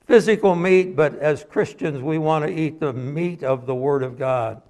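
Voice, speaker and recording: A man's voice: fairly high pitch, moderate pace, a little mellow. Folksy man preaching a sermon. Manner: folksy, conversational preaching with anecdotes. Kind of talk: sermon with storytelling.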